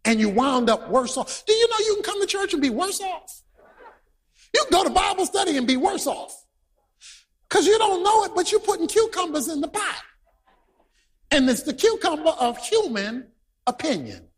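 A man preaching a sermon to a congregation, storytelling with bursts of shouted emphasis. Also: very high voice, sing-song, moderate pace, long pauses. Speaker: pastor. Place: large church hall. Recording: reverberant hall, husky tone.

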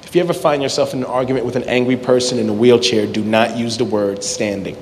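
A man's voice: medium pitch, steady tone, fast, very noisy. A man performing a stand-up set in a comedy club, telling absurd stories in a laid-back way and acting out both sides of the dialogue. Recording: live venue with long reverb.

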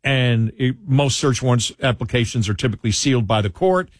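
Speaking briskly in a mid-range voice, this talk radio host chats with his co-host, then reads aloud from a newspaper column, restarting frequently as he rambles through casual commentary. It's a radio studio recording on a headphones-and-mic setup, clean and free of room sound.

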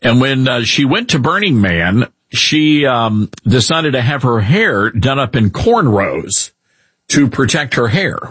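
Lively, husky talk radio host. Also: male voice, medium pitch, unhurried, no echo. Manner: animated, mocking, rambling. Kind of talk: opinionated talk radio commentary.

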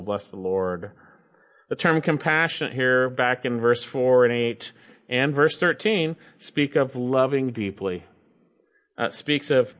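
A man's voice: mid-range voice, fairly bright tone. A man preaching a sermon, reading scripture aloud and repeating key phrases for emphasis.

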